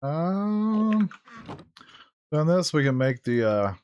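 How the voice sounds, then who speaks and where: A man's voice: on the high side, very animated, takes it slowly, a little mellow, dull audio. A man casually talking through a live game stream, chatty and laughing often, easily startled. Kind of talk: casual gameplay commentary.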